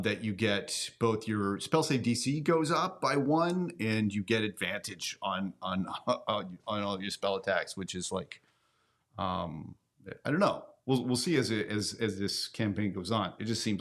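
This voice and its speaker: A man's voice: fairly low pitch, lively intonation, a little slow, fairly bright tone. A man hosting a casual game commentary, rambling with many fillers and restarts. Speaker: host.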